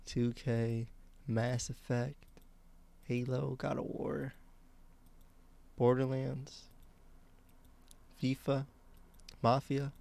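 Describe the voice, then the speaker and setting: A young man streaming live, reacting out loud in a slangy, excitable way. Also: medium pitch, drawn-out words, gravelly, long pauses.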